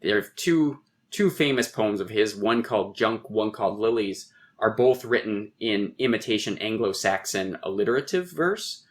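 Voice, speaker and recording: A middle-aged poet being interviewed on a podcast, explaining in a professorial way and thinking aloud with frequent restarts. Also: male voice, lowish voice, expressive, normal speed, few pauses. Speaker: poet and guest.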